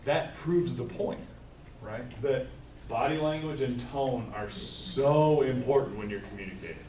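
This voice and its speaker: A man's voice: mid-range voice, measured pace, a little mellow. A man leading a live staff training session, talking conversationally, telling stories and checking in with "right?" as he goes. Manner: conversational, storytelling, tags points with "right?". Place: training room with tables. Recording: echoey room, mic far off, faint noise.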